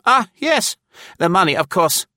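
A man's voice: sits high, very animated, measured pace, bright, forceful tone, no room sound, clean studio sound, voice pushed up, full character voice. A man voicing a fat, greedy spy with an oily, snarling manner. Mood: scheming. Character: fat, greedy, menacing male German spy. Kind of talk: audiobook character voice.

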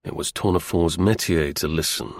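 A man reading a historical novel aloud as an audiobook narrator, with measured, dramatic storytelling. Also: deep voice, vocal fry, husky, dry recording, clean studio sound.

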